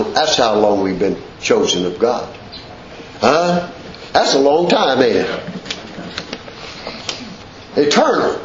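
A man preaching a sermon, folksy and emphatic, stretching words and swinging his pitch up and down. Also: slight background noise. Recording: echoey room, dull lo-fi sound.

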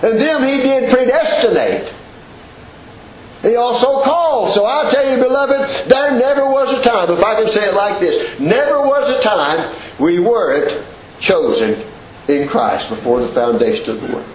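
A man preaching a sermon in a folksy, emphatic way, his voice pitched fairly high and swinging up and down. The recording is dull and lo-fi, with a heavy echo from the room around him. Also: animated, a little slow, slight background noise. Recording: echoey room, dull lo-fi sound.

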